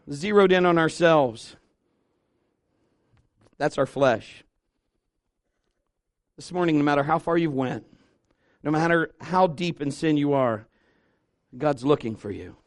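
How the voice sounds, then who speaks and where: A male pastor in his fifties preaching to his church, swinging from loud exhortation to quiet, intimate asides with humor. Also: on the high side, a little slow, long pauses, no room sound, studio quality. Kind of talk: sermon. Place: church sanctuary.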